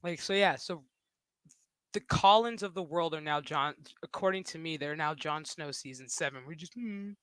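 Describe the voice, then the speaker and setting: A man's voice: fairly high pitch, normal speed, bright, forceful tone, clean tone, no echo. A man streaming live, ranting casually in a crude, mocking way and often breaking into laughter. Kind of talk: casual livestream rant.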